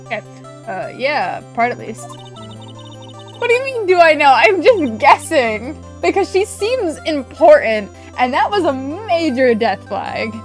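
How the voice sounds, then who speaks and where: Excitable high-voiced woman streamer. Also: slow, faint music behind. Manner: excitable, swears, rants then laughs. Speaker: game streamer. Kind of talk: let's play commentary.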